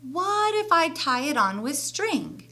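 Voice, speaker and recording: A woman's voice: sits high, very animated, slow, pushed and bright, pitched above the performer's own voice, full character voice. A woman voicing a proud, playful boy god with an elephant's head in a storybook reading. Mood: puzzled.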